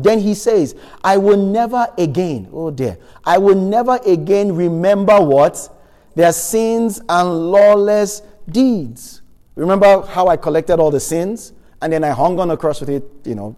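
A man's voice: high-pitched, dark tone, big-room sound. A man preaching a sermon, reading Bible verses and asking the congregation questions with emphasis.

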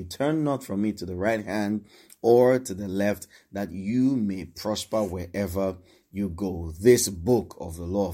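A man's voice: on the low side, mellow. A man preaching a sermon, reading scripture and emphatically repeating encouragements to his listeners. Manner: emphatic, repeats exhortations, shifts pace.

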